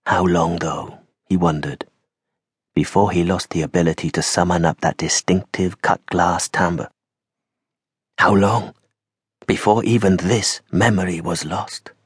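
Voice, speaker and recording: A man reading an audiobook aloud, measured and dramatic, slowing and going quiet on the grave moments. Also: low-pitched, husky, no room sound, studio quality. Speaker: audiobook narrator. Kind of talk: scripted audiobook narration.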